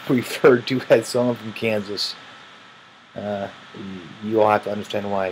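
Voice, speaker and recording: A man's voice: lowish voice, slight background noise, poor audio. A tired man from Illinois, raised in Missouri, with a Midwestern American accent, rambling casually as he answers questions and yawns between words.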